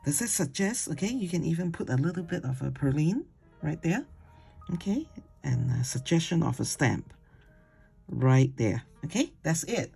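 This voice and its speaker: A watercolor instructor giving a casual painting demonstration, chatty and digressive, who coaxes gently and ends steps with "okay?". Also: medium pitch, very animated, moderate pace, vocal fry, slightly rough, soft background music.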